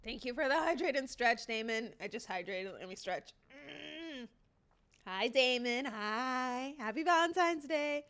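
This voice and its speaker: In an unhurried, high-pitched voice, a young livestreamer in her twenties chats with her viewers. She tells stories animatedly, laughing as she goes and swearing here and there.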